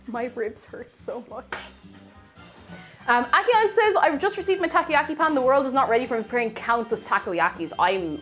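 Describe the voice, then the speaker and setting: A woman chatting casually with her live-stream chat while baking in her home kitchen, bubbly and reading out and answering messages. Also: mid-range voice.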